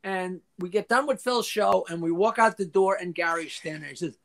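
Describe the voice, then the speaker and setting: An older man, a guest in a casual interview, tells long anecdotes full of restarts, swearing and acted-out quotes, clearing his throat now and then. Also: sits high, fairly quick, a bit bright. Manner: profane, frequently clears throat.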